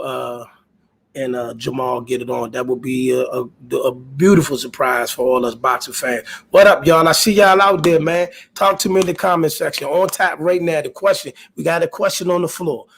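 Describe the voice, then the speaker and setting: Man, boxing stream host, gravelly, husky, fairly high voice, animated. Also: moderate pace. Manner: animated, repeats himself, talks to chat viewers. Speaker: host of a boxing talk livestream. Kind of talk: casual live-stream talk.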